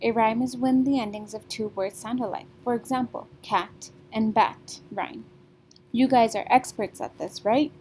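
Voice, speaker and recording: Patient woman teacher, mellow voice. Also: a little high, steady tone, measured pace, slight background noise. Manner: patient, sing-song classroom delivery with frequent "okay?" checks. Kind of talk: recorded remote reading lesson.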